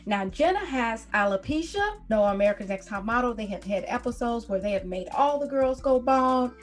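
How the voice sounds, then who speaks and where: A woman's voice: on the high side, lively intonation, moderate pace. Chatty woman hosting a podcast. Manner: chatty, playful. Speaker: podcast host. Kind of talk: casual podcast chat.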